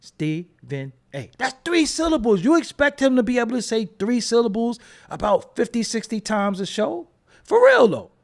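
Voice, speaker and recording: A man's voice: very high-pitched, big pitch swings, moderate pace, creaky. A man hosting a casual commentary show, joking and riffing in slangy with frequent laughs. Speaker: host.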